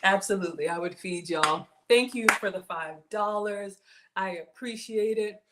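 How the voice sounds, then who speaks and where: A middle-aged woman chats through a home cooking livestream. She is excitable and talkative, with a voice of middle pitch. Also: moderate pace, very noisy. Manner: chatty and excitable, talks to viewers with "y'all". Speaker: home cook livestream host. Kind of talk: casual livestream cooking chat.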